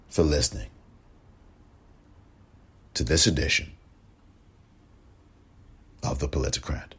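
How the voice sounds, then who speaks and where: A man with a very low, husky voice hosts a solo podcast. He talks slowly and warmly in a chatty, effusive way, repeating his thanks again and again. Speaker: podcast host. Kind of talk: solo political podcast monologue.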